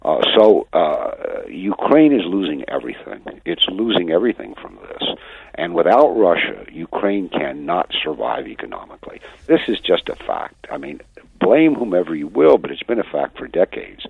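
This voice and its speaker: A man's voice: deep voice, very animated, normal speed, gravelly, breathy edge, dry recording. A man speaking as a guest commentator in a radio phone interview, in an emphatic, lecturing manner. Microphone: telephone. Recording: tinny dry phone line.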